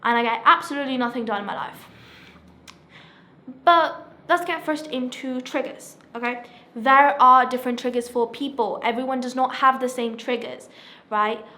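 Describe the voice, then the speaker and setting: A sixteen-year-old girl speaking earnestly and haltingly about her own experience, often checking in with "right?". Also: high voice, sharp tone. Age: teenager, 16. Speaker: self-help vlogger sharing her experience. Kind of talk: personal testimony to camera.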